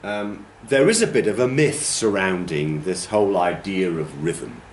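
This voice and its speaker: Man, teacher trainer, classroom lecture, demonstrates stress aloud, lowish voice, faint room hum. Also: lively intonation, a little slow, roomy sound. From United Kingdom.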